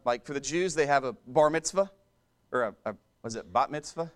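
A man's voice: medium pitch, lively intonation, a little fast, a bit bright. A man preaching a sermon in a conversational way, repeating and restarting phrases and turning to the congregation with asides.

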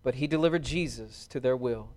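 A man giving a solemn, measured formal scripture reading. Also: medium pitch, darkish tone. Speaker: scripture reader.

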